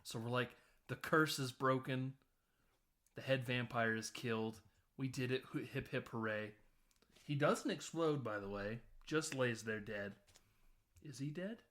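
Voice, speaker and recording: Male podcast host, average pitch, casual scene-by-scene movie recap with playful quoted voices. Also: a bit bright. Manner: retells scenes with quick quoted character voices and laughs.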